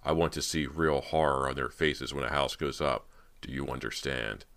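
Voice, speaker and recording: An audiobook narrator with a very deep voice plays a film director who is silky and sinister, turning persuasive at times and excitedly eager at others. He reads at a normal speed.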